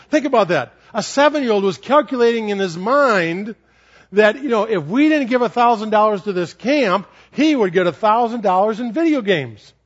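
A middle-aged man delivers a sermon in a high, animated voice, acting out children's voices as he tells his stories. The recording is dull and lo-fi. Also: normal speed. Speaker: preacher.

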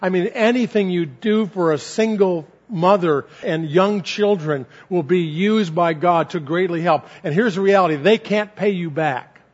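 Man, pastor, earnest sermon delivery, repetitive emphasis, fairly high voice, dull lo-fi recording. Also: measured pace, hardly any pauses. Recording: dull lo-fi sound.

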